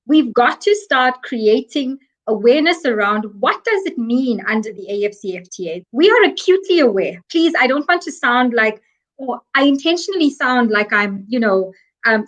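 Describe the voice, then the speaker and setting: A woman's voice: high-pitched, animated, normal speed, a bit bright. A woman from Africa, speaking as a guest expert in an interview, explaining earnestly and stressing her points with repetition. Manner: emphatic, earnest, repeats key points.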